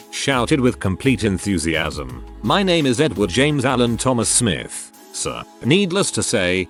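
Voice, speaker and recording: A man reading short stories aloud in a steady, even narration. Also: lowish voice. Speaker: story narrator.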